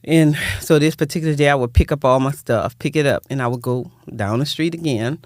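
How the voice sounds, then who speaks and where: A woman's voice: very deep voice, brisk, a little mellow, no room sound, studio quality. An older woman, recounting her life as a guest in an interview in a heartfelt, rambling way that repeats words. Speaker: guest, nonprofit founder. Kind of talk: personal storytelling in interview.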